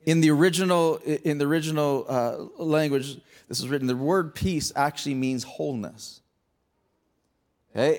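A high-voiced male pastor delivering a sermon. He talks in an earnest, emphatic way, stumbling over and repeating words as his thoughts build, then lands on pointed rhetorical questions.

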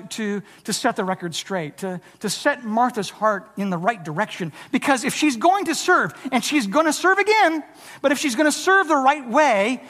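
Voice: medium pitch, a bit bright. A preacher delivering a sermon in an earnest way, often stammering and restarting phrases and acting out the lines it quotes. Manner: acts out quoted lines in a changed voice. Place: church sanctuary. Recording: long hall reverb.

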